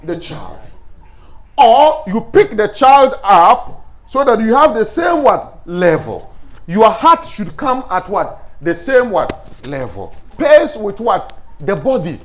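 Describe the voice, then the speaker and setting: Male Islamic teacher, high lively voice, call-and-response lecturing. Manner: animated, asks the class questions and answers them himself. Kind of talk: classroom lecture.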